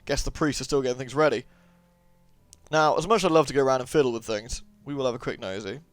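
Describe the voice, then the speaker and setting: A man's voice: medium pitch, fast talker, no room sound, faint music behind. A man commentating a game playthrough, chatty and sarcastic, joking at the characters. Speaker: let's play host. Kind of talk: gameplay commentary.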